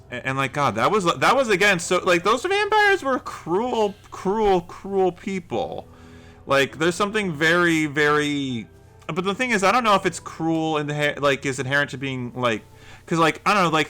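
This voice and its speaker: A man's voice: fairly high pitch, bright, forceful tone, clean tone. A man co-hosting a casual podcast chat, rambling with many fillers and restarts. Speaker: podcast co-host.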